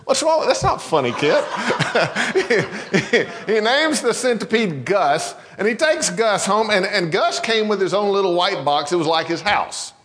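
High-voiced pastor in a reverberant hall. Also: male voice, animated, measured pace, fairly bright tone, a little hiss or hum. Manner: conversational, folksy storytelling with many restarts. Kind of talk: sermon with a told joke. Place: church sanctuary.

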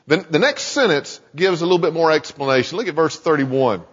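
A man preaching a sermon in a conversational, animated way, in a church sanctuary. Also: a little high, brisk, breathy edge. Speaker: pastor. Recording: dull lo-fi sound in a reverberant hall.

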